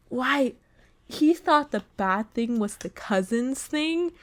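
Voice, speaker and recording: A young woman streaming a visual novel, reacting with loud disbelief and swearing. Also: on the high side, lively intonation, unhurried.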